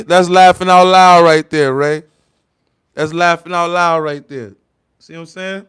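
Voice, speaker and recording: A young man hosting a livestream, chatting casually with his viewers, with lots of fillers, loud laughter and bursts of heated ranting. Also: on the high side, steady tone, unhurried, clear, resonant tone, no echo, studio quality. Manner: rambling, heavy fillers, laughs loudly. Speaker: livestream host. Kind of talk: casual livestream chat reading comments.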